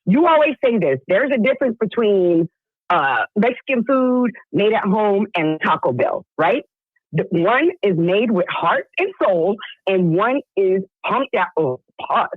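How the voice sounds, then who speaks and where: A woman's voice: mid-range voice, sing-song, a little slow, breathy edge, dry recording. A woman calling in to argue with the host. She is insistent and keeps cutting in to make her point. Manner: argumentative, insistent, cuts in. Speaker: caller. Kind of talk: heated phone-in debate. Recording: tinny phone line.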